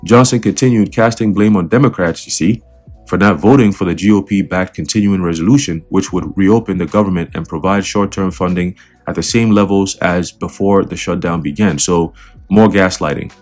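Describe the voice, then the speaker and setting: A man's voice: deep voice, normal speed, darkish tone, soft background music. A man giving casual religious and political commentary in a conversational way, repeating words and checking in with the listener. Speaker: online commentator.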